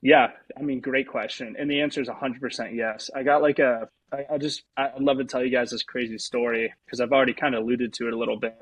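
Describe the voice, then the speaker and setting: A young man, a pro baseball pitcher, telling a personal story as an interview guest, rambling with lots of fillers. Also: steady tone, quick pace, hardly any pauses, breathy edge, dry recording, poor audio.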